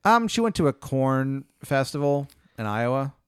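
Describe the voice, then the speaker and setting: A man's voice: medium pitch, sing-song, moderate pace, smooth, dry recording, studio quality. A man hosting a podcast, improvising a comic story in a rambling, hyperbolic and profane way.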